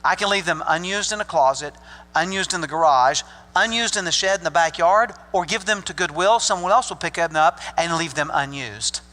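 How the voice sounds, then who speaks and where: Older male pastor from Arkansas, bright folksy delivery, joking asides, big reverberant hall. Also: a little high, a little fast. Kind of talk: sermon. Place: church sanctuary.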